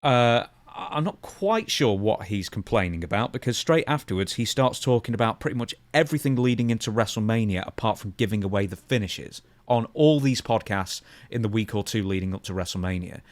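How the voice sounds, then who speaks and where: A man co-hosting a podcast, talking through points in a measured, thoughtful way. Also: fairly low pitch, lively intonation, no room sound. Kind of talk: casual podcast chat.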